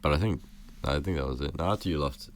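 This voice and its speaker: A young man co-hosting a podcast in casual chat, laid-back and slangy, his voice a bit hoarse. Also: a bass voice, quick pace, a little hiss or hum. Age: young adult. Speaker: podcast co-host.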